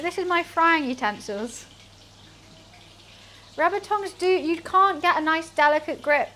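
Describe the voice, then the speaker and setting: Cooking on stream in a home kitchen, a woman with a very high-pitched, pushed, bright voice talks to her chat in a casual, self-deprecating way. She speaks at a measured pace with long pauses, while faint frying sizzles in the background.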